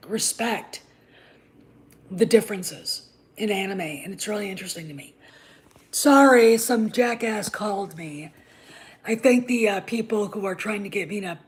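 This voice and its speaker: A woman hosting a casual commentary vlog, talking in a blunt, profane and opinionated rambling way. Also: medium pitch. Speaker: host of a channel on the Star Wars franchise.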